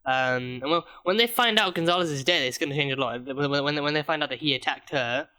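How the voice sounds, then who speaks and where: A man's voice: on the high side, brisk, bright, forceful tone, clear, resonant tone. A man reviewing a TV episode in a casual, rambling way, often stumbling and repeating words as he thinks aloud. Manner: rambling, many restarts and stammered repeats. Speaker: TV reaction reviewer.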